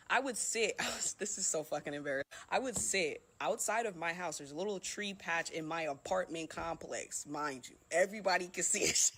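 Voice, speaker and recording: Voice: medium pitch, fairly bright tone. A live streamer telling a personal story in a candid, profane, self-mocking way. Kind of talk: casual storytelling.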